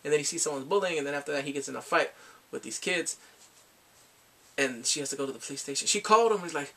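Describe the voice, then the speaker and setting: An excitable man chats through a drama recap in a casual, rambling way. His voice sits a bit high and has a gravelly edge. He laughs and sighs often and slips into the characters' lines as he tells the story. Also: fast talker. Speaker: drama reviewer.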